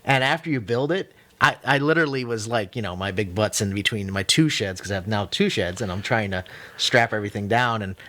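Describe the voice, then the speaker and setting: A man's voice: fairly low pitch, brisk, fairly bright tone. A man co-hosting a tech talk show, telling hesitant, self-mocking stories about his weekend. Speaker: co-host. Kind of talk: casual chat.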